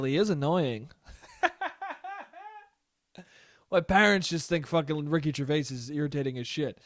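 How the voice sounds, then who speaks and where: A man's voice: a little high, dry recording, studio quality. A young man hosting a solo podcast, telling rambling, profane stories about his family and acting out their lines. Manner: rambling, profane storytelling with quoted voices. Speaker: podcast host. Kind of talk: solo comedic podcast monologue.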